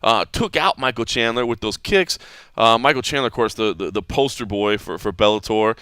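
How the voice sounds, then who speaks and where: Bright, clear-voiced male podcast host. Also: on the low side, normal speed, no echo. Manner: animated storytelling with many restarts. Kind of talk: casual sports chat.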